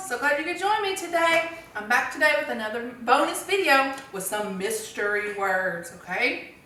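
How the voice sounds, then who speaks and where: A woman's voice: on the high side, bright, forceful tone, recorded from a distance, slight background noise. A woman teaching a phonics lesson to young children, cheerful and encouraging, asking questions and answering them herself. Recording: very echoey room, voice from off-mic.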